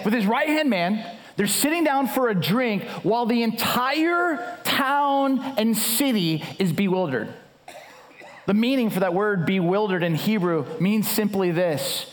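A man in his thirties, a pastor preaching a sermon and telling a story with animated energy and frequent restarts. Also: high-pitched. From United States.

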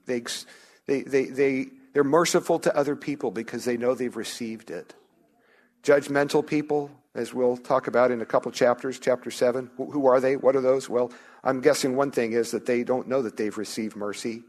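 A man's voice: mid-range voice, steady tone, normal speed, darkish tone. A man preaching a sermon as a pastor, earnest, often restarting his sentences and lifting his voice on key phrases.

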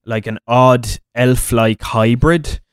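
Man, podcast film chat, lively, mocking, middle pitch. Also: slow pace, clean tone, no room sound, studio quality. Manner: lively, mocks lines in put-on voices. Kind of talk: casual podcast film discussion.

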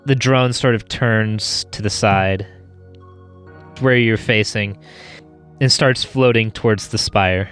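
Slow-talking male game master. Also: on the low side, fairly even intonation, fairly bright tone, clean tone, soft background music. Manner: measured, descriptive. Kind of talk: narrating a tabletop game.

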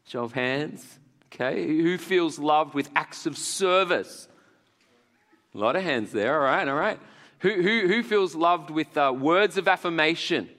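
Jokey male pastor, slightly high and animated, in a hall with long reverb. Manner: animated, jokey, laughs often. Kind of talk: sermon. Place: large hall with audience.

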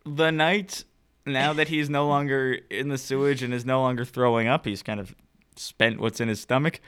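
A game master narrating a tabletop session in a playful, chuckling way. His voice is mid-pitched and the sound is dry and close. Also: steady tone, moderate pace, a bit bright, clean tone, no room sound. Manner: playful, often laughing through descriptions.

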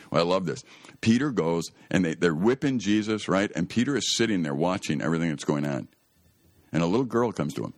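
A man's voice: low-pitched, animated, a little fast, dry recording, studio quality. A man hosting a Christian radio talk show, telling a Bible story in an earnest, emphatic way that often rises to exclaim.

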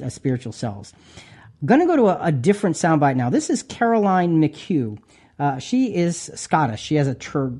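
A man's voice: medium pitch, dark tone. A man hosting a Christian talk radio show, talking earnestly with many restarts. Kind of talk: casual radio chat.

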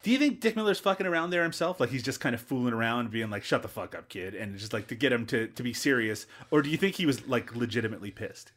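A man's voice: medium pitch, lively intonation, fast talker, few pauses, fairly bright tone. A man hosting a casual movie podcast, asking his co-hosts questions and laughing often. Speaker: podcast host.

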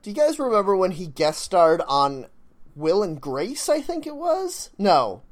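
A man's voice: high voice, huge pitch swings, measured pace. A young man trading casual, self-deprecating jokes as a podcast co-host. He talks in an easygoing, conversational way. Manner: joking, self-deprecating banter. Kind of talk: casual chat.

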